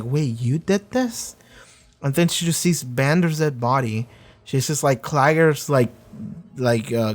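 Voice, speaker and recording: A man hosting a reaction video, talking through an episode in a rambling, low-energy way with many fillers. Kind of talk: casual spoken review.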